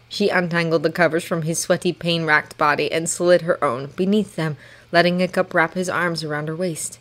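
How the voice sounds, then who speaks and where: A woman's voice: on the low side, steady tone, moderate pace, a bit bright. Woman narrating a fan story. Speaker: fanfiction reader. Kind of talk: audiobook narration.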